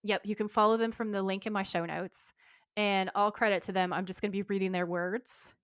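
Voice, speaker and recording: A woman co-hosting a podcast, chatting warmly and enthusiastically and reading a post aloud. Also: mid-range voice, fairly even intonation, a little fast, smooth, no room sound, studio quality. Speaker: podcast co-host. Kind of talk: casual chat and reading aloud.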